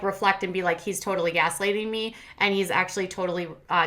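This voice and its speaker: A woman's voice: fairly low pitch, pushed and bright. A woman in her thirties hosting a casual reality TV recap, sassy and blunt, mocking the cast in put-on voices. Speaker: commentary channel host.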